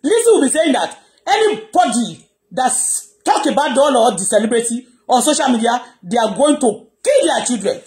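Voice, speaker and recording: Her high, sing-song voice, a little mellow and at a normal pace, carries an impassioned live-stream rant. She is a Nigerian blogger, a native Yoruba speaker, and she raises her voice as she goes.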